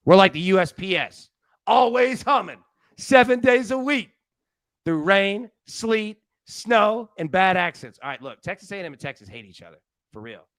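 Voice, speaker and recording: Casting: male sports betting host, animated, joking, rambling, dry close mic. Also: sits high, normal speed, no room sound. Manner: rambling and joking, with frequent restarts. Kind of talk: casual live show chat. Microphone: studio mic on a live stream.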